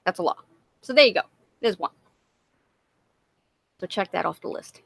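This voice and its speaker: Profane, animated woman livestream co-host. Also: lowish voice, normal speed, vocal fry, dry recording. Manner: profane, animated, laughing often. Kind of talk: casual livestream chat.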